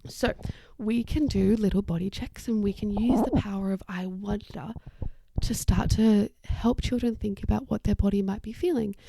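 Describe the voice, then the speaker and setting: Dark-toned woman with a gravelly edge. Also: mid-range voice, normal speed, few pauses, dry recording. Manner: warm explanatory, acts out little quoted voices. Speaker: occupational therapist podcast host. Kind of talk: casual educational talk.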